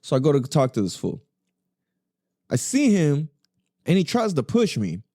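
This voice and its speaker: A man's voice: fairly high pitch, wildly swooping pitch, moderate pace, mellow, dry recording, clean studio sound. A young man hosting a podcast, telling a story in casual, profane slang full of fillers. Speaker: podcast host.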